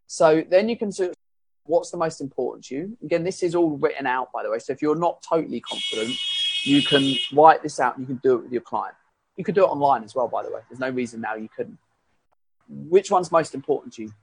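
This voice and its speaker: Coach guy, bit husky, rambles and corrects himself, dry close sound. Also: fairly high pitch, fast, no room sound. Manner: chatty, rambling, self-correcting. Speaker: fitness coach. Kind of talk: casual explanatory talk.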